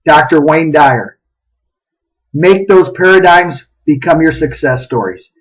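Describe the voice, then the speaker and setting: A middle-aged man hosting a short motivational talk, an animated storyteller with anecdotes. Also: fairly high pitch, slow, distant mic, low-quality recording. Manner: animated storyteller, acts out voices. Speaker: host of a motivational minute.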